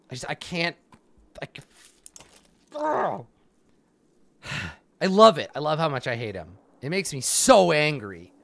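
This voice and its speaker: A man commentating a let's play, reading the game's text aloud and reacting with profane, animated asides. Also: on the high side. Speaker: host.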